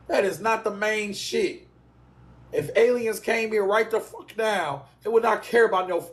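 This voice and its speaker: A man hosting a livestream, talking in a blunt, profane, animated rant. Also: a little high. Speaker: livestream host. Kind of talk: casual ranting livestream.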